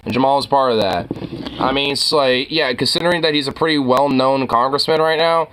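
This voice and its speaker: A man's voice: mid-range voice, a little fast, fairly bright tone, clean tone. A man giving casual, heated reaction commentary, rambling with fillers and restarts.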